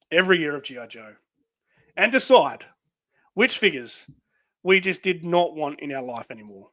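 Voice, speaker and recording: A man's voice: on the high side, a bit bright, dry recording. A man with an Australian accent co-hosting a casual livestream, reading out viewer comments, with many fillers and frequent laughs. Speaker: livestream co-host.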